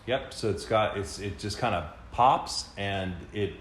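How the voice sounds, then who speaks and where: A man with a low voice talks through ideas in a relaxed, rambling way, filling pauses with small filler words and restarting his sentences. He sounds like he is in a reverberant room. A faint hiss sits under his voice. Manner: explains at length, many fillers and restarts. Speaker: podcast co-host. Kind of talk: casual explanatory discussion. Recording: echoey room, faint background noise.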